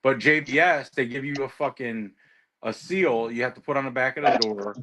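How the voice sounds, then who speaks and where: A man's voice: mid-range voice, normal speed, a crowd in the background. A man who drives trucks, chatting casually and telling stories while swearing heavily. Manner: heavy swearing, ranting storyteller. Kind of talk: casual chat.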